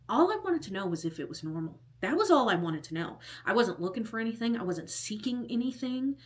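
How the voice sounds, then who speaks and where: A woman's voice: medium pitch, a bit bright. A woman in her thirties telling a casual storytime, chatty and exasperated, often restarting her sentences and acting out what others said. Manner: chatty and exasperated, many restarts and quoted dialogue. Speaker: vlogger.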